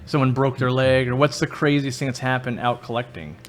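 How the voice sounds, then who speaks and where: A man's voice: medium pitch, fairly even intonation, fairly quick, a little hiss or hum. A young man hosting a casual podcast, easygoing, laughing along and asking his guest questions. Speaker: podcast host. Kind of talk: casual chat.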